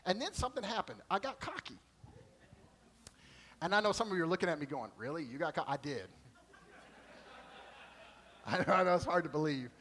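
A middle-aged man preaching a sermon, telling stories in an animated way and acting out quoted voices. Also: high voice, moderate pace, long pauses, rough recording. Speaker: pastor.

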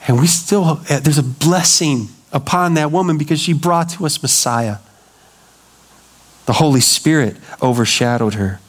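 A middle-aged male pastor preaching a sermon, telling stories with lively acted-out quotes. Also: fairly high pitch, normal speed. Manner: animated storytelling, acting out quoted voices.

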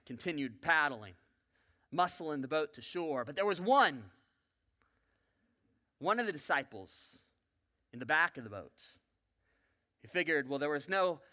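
A man preaching a sermon in a church, telling a story vividly with joking asides and sudden swings between loud and soft. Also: on the high side. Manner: folksy, joking asides to the congregation. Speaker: pastor. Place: church sanctuary.

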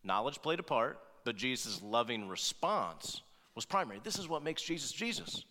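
A man's voice: medium pitch, big pitch swings, normal speed, pushed and bright, a little hiss or hum. A man preaching a sermon as pastor, talking conversationally and often checking in with "right?" and playful asides. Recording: long reverb of a large hall.

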